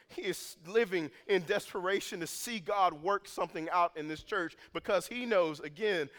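A man preaching a sermon as pastor, moving from calm teaching to loud, intense passages. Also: fairly high pitch. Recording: long hall reverb.

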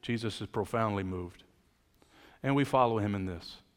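A man's voice: on the low side, moderate pace, big-room sound. A man preaching a sermon, moving between casual storytelling with jokes and emphatic preaching. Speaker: pastor.

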